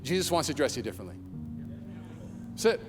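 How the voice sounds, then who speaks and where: High-voiced energetic male preacher, echoing hall. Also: quick pace, over music. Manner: energetic preaching, acts out shouts and quoted voices. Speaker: pastor. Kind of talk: sermon. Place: large church hall.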